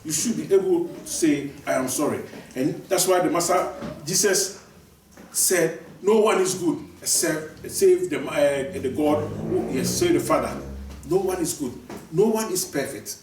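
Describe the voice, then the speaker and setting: A man's voice: fairly high pitch, unhurried, a little mellow, a little hiss or hum. A male preacher giving a sermon, repeating his key lines for emphasis and often restarting his sentences. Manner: repetitive, emphatic, many restarts. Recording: echoey room, voice from far off.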